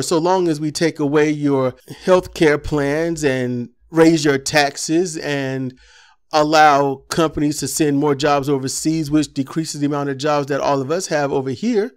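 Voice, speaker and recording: A man's voice: a little high, measured pace. A man delivering an impassioned political commentary monologue, ranting with rhetorical questions.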